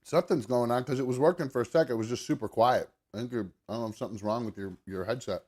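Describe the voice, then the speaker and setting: A podcast host with a mid-range, darkish voice talks fast while hosting a casual show and forcing his way through an eating challenge. Between bites he groans, swears, sweats and strains.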